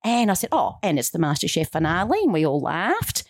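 A woman's voice: fairly low pitch, brisk, no room sound, clean studio sound. A middle-aged woman, a guest on a radio show, chatting casually and bringing her story to life by acting out the voices in it. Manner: animated storyteller, acting out quotes. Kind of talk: casual interview chat. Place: radio studio.

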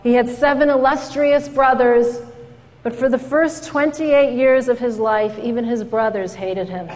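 Storytelling woman in a reverberant hall. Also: on the high side. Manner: animated storyteller, acts out quoted voices. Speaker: speaker at an event. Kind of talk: storytelling speech.

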